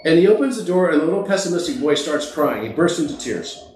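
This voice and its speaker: A man's voice: on the high side, lively intonation, fast, a little mellow, a little hiss or hum. A man who is a podcast guest, telling motivational stories in an emphatic and earnest way. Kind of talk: motivational storytelling. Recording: echoey room.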